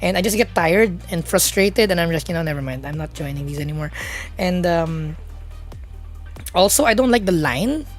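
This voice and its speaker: A woman streams a racing game and chats loosely with her viewers, rambling through fillers and restarts. Her voice sits a little low. Faint music plays underneath. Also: lively intonation, normal speed. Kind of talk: casual live-stream chat.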